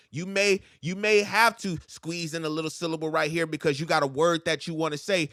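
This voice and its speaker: A man's voice: high-pitched, fairly bright tone, no echo, clean studio sound. A man coaching rap flow, explaining syllables and stress and rapping example lines back in a bouncy cadence. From United States. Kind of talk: breaking down rap verses.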